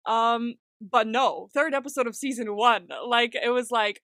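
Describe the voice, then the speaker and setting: Bright, excitable young woman podcaster. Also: a little high, brisk, no echo, clean studio sound. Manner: excitable, swears freely, laughs often. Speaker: podcast co-host. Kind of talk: casual chat.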